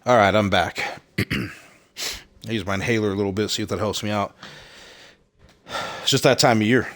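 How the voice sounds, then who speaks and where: A man's voice: on the low side, fairly even intonation, moderate pace, pauses often, fairly bright tone. A man streaming a video game late at night, chatting casually and rambling, slightly out of breath with audible heavy breathing. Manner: chatty, rambling, repeats phrases. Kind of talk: casual live-stream chat.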